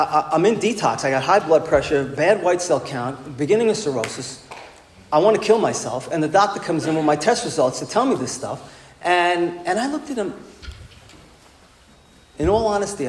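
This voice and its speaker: A man's voice: fairly high pitch, a little hiss or hum. A man giving a wry, self-mocking talk at a recovery meeting, acting out what people said to him. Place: meeting hall. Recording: echoey hall with faint ambience.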